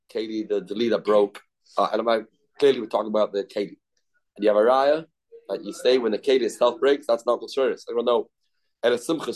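A man's voice: lowish voice, darkish tone. A man giving a casual Talmud class, repeating terms and restarting sentences often. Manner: informal, restarts often, repeats terms, mixes Hebrew and Yiddish words. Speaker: Talmud teacher.

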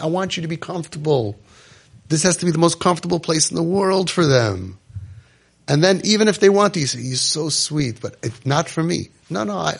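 A man's voice: gravelly, breathy edge. Emotional man speaking to parents. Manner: emotional, acts out parent and child voices, drops to soft low tones. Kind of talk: impassioned talk to parents.

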